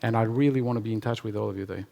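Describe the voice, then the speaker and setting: A man's voice: fairly low pitch, steady tone, very fast, vocal fry, mellow. A man giving a conference talk and answering audience questions, emphatic and repetitive, laughing often. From Albania. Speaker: conference speaker. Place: conference hall with live audience.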